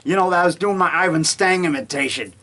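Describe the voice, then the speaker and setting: Speaking high, brisk and with a sharp tone, a middle-aged man delivers a casual, rambling monologue from his home basement. He's an amateur filmmaker who spins stories, chuckling a lot and acting out quotes.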